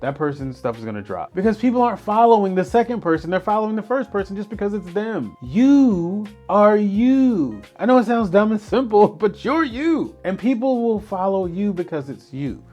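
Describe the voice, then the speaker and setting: Man, motivational podcast host, earnest, animated, rhetorical questions, fairly high voice. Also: a little fast, few pauses, muffled recording, soft background music.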